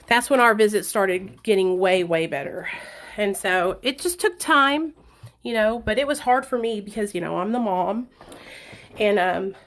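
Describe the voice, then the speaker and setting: Earnest woman chatting candidly to viewers. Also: mid-range voice. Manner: candid, earnest, many fillers and restarts. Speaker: vlogger answering viewer questions. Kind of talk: casual livestream chat.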